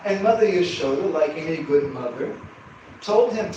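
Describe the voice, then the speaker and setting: A man's voice: sits high, normal speed, dull audio. Storytelling man in an echoey hall. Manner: animated storytelling with humorous asides. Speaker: storyteller speaker. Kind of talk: devotional storytelling talk. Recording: echoey hall from far off, background hum.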